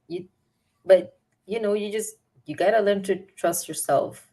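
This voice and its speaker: A woman's voice: fairly low pitch, normal speed, darkish tone. A woman guest on a podcast, talking casually and candidly, giving upbeat advice and laughing easily. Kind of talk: casual conversation.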